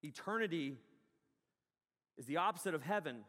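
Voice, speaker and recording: Male pastor, raised pitch, energetic self-mocking sermon, long hall reverb. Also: normal speed. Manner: joking, self-mocking, bursts into loud yells. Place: large hall on a stage.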